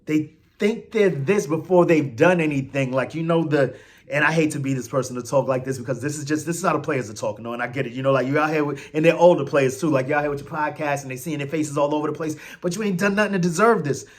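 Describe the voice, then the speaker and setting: A man hosting a casual sports fan show, talking in an animated, slangy way with emphatic outbursts. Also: a little high, fast talker. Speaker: sports podcast host.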